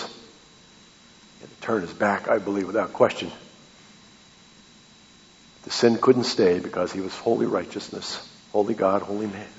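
A man preaching a sermon to his congregation as their pastor, swinging from loud, high exhortation down to soft, low tones. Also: big-room sound, lo-fi sound. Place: church sanctuary.

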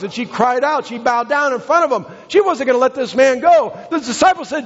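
An American pastor preaches with emphatic repetitions, his voice husky and fairly high. The sound is dull and lo-fi. A long hall reverb trails his words through the church. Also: lively intonation, a little fast, hardly any pauses. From United States. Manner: emphatic preaching with repetitions and sudden pitch swings. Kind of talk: sermon. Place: church sanctuary.

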